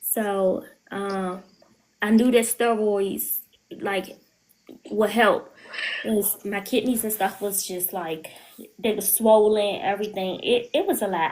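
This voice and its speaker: A woman's voice: medium pitch, a little mellow, low-quality recording. Candid woman telling a hard story. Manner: candid, emotional storytelling, quotes herself often. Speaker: guest. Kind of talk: podcast interview.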